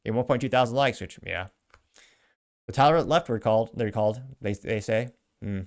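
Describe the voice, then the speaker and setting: A man's voice: on the low side, fairly quick, darkish tone. A man hosting an online show, reading out viewer comments and adding wry, offhand remarks between them. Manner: wry, offhand asides with chuckles. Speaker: show host.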